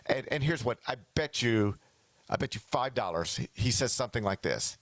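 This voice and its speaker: A man's voice: medium pitch, lively intonation, moderate pace, fairly bright tone, dry recording. A man hosting a sports talk show, talking casually and animatedly, often slipping into mock quotes of other people.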